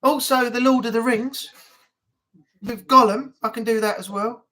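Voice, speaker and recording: A woman with a fairly high voice hosts a relaxed live stream chat. She rambles along, full of ums, talking to her viewers in a casual way. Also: normal speed. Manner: rambling, chatty, many ums.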